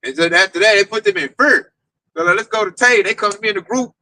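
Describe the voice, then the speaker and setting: Bright high-voiced man preaching casually. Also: fast talker, a little hiss or hum, rough recording. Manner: animated, streetwise, slangy preaching. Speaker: teacher leading a group discussion. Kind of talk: casual preaching to an online audience.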